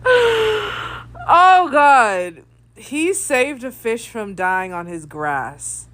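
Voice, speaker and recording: A woman telling an internet story in casual commentary, animated and gossipy, laughing often. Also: mid-range voice, takes it slowly.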